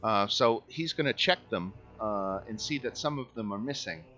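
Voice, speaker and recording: A man running a tabletop game as dungeon master, talking in a relaxed way with many fillers and chuckles. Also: lowish voice, normal speed, lo-fi sound, faint music behind.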